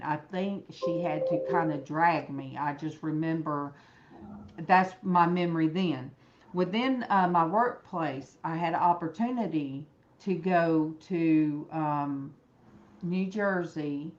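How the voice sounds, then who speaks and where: A woman's voice: deep voice, highs cut off. Rambling Alabama woman telling a story. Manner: animated, rambling, acts out quoted voices. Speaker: host. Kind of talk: casual storytelling chat. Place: room indoors, echoey.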